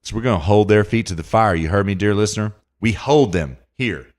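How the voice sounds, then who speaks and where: Low-voiced emphatic male podcast host. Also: a little fast, darkish tone. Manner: emphatic, reads news aloud and comments, addresses listener directly. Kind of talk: political commentary monologue.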